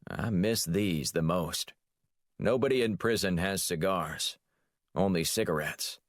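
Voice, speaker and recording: A man voicing a brusque, gruff older spy chief who loves cigars. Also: sits low, measured pace, dry recording, studio quality.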